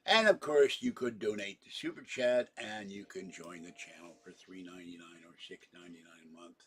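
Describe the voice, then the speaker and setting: A man's voice: deep voice, steady tone, a little fast, slight background noise. A tired man hosting a casual livestream, rambling from one topic to the next with many fillers and yawns. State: tired, yawning. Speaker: livestream host.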